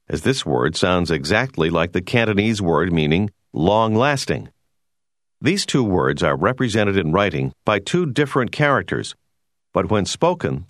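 Deep-voiced man narrating a language lesson. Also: big pitch swings, fairly bright tone, no room sound, clean studio sound. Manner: measured, explanatory. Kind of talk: scripted educational narration.

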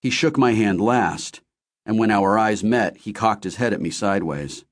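A man narrating a novel in a measured first-person storytelling voice. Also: on the low side. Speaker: audiobook narrator. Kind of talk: scripted narration.

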